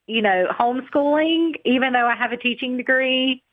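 A woman's voice: high voice, moderate pace. A woman who directs an adoption agency, chatting cheerfully as an interview guest over the phone. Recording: tinny phone line.

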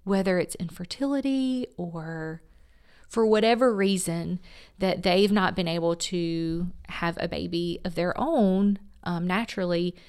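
A woman's voice: on the low side, measured pace, a little mellow, clear, resonant tone. A woman who directs an adoption agency, speaking as an interview guest in an earnest, heartfelt, faith-filled way.

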